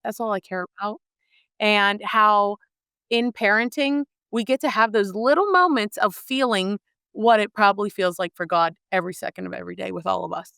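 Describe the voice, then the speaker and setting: A woman's voice: mid-range voice, normal speed, vocal fry, clean tone, dry recording, studio quality. Earnest woman telling a personal story. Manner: earnest and expressive. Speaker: podcast guest, speaker.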